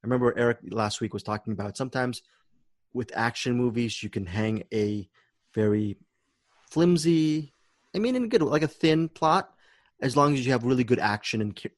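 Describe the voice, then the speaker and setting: A man's voice: mid-range voice, lively intonation, moderate pace, no echo. A man hosting a podcast in casual chat, enthusiastic and repeating words as he thinks. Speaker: podcast host.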